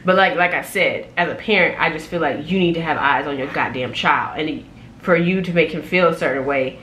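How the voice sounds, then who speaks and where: A young adult woman and flight attendant, telling a story in a casual, animated, sassy vlog from a room at home, recorded on a camera mic. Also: low voice, fairly quick, a little hiss or hum. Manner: animated, sassy, loud laughs, exclaiming.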